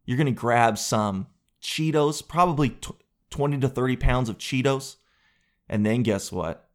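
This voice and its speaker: A man's voice: medium pitch, a little slow. Rambling, jokey male podcast host. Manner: rambling, jokey, riffing with crude asides. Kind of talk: solo comedic podcast chat.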